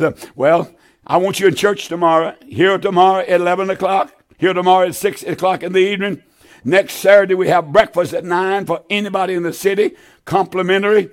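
A man preaching a televised sermon, pleading fervently with his listeners and repeating his appeals over and over. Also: high voice. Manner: fervent, pleading, repetitive exhortation.

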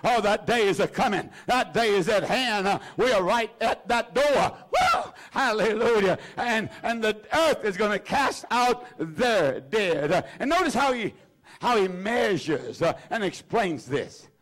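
High voiced guy preaching, fervent, lots of uh's, stretches words then shouts. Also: lively intonation. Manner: fervent, drawn-out emphasis with many "uh" fillers and rising shouts. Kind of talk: sermon.

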